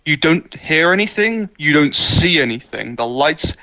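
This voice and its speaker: A man with a high voice that moves a lot in pitch. He is a guest in a casual podcast chat and jumps in with quick, enthusiastic remarks. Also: expressive, pushed and bright, rough recording. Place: watching online with friends.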